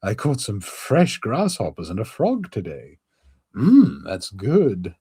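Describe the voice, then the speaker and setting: A man's voice: on the low side, wildly swooping pitch, slow, mellow, breathy edge, voice pushed up, full character voice. A man reading aloud as a cheerful young male musician, doing an English accent and calling everyone bro. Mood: cheery friendly. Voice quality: upbeat, laughing, calls everyone bro. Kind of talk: reading manga lines aloud.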